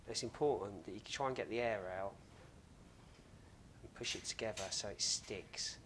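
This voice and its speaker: A man with a lowish voice talks through a recipe in his home kitchen. He keeps it casual and chatty, tossing in jokes at his own expense. A faint hum of kitchen noise sits behind him. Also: normal speed, a bit bright. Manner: chatty, joking, self-mocking asides. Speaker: cooking show host. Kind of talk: casual cooking demonstration.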